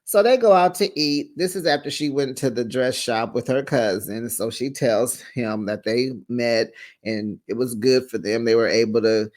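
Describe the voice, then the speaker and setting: A reality TV recap host giving sassy, teasing, animated commentary in a casual chat style and calling viewers honey. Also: mid-range voice, moderate pace.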